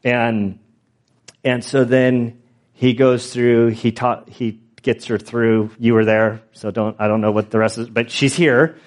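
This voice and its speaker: A man's voice: medium pitch, flat delivery, unhurried. Chatty man preaching a casual sermon. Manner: chatty and self-deprecating, frequent restarts and asides. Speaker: pastor. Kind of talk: conversational Bible teaching with stories.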